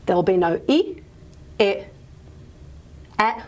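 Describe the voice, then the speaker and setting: A woman's voice: mid-range voice, animated, slow, a little mellow, dull audio. A woman giving a phonetics lecture, explaining patiently with many fillers and frequent "okay?" checks. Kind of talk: recorded lecture.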